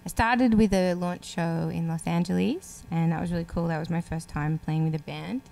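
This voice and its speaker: This young Australian woman talks in a relaxed, chatty way, laughing easily between her thoughts. Her voice sits a touch on the low side for a woman. She sounds like a singer-songwriter answering questions as an easygoing guest. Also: normal speed, gravelly. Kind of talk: casual interview chat.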